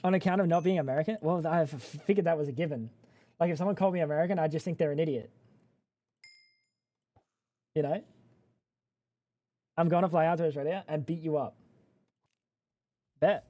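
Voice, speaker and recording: During a casual livestream chat, a young man rambles loosely and trades crude, teasing banter, often trailing off mid-thought. His fairly high voice is soft and mellow rather than bright, a little fast, with frequent pauses.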